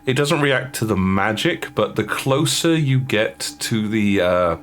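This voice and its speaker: A man's voice: lowish voice, animated, a little slow, a bit bright. A man narrating as dungeon master, hesitant with frequent fillers. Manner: hesitant, many fillers and restarts. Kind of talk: narrating a tabletop game.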